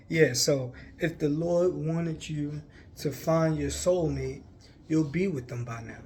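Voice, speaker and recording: A man's voice: fairly high pitch, a little mellow, a little hiss or hum. Earnest man urging faith. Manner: earnest and pleading, repeats himself, laughs often. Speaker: faith vlogger. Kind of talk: casual spiritual encouragement to camera.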